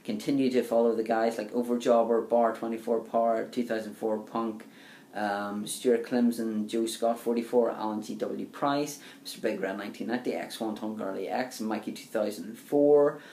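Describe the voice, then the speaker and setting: A man's voice: fairly low pitch, steady tone, normal speed, warm tone. A young man casually reviewing a wrestling event for his video channel, rambling with plenty of ums and uhs. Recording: echoey room, faint background hiss.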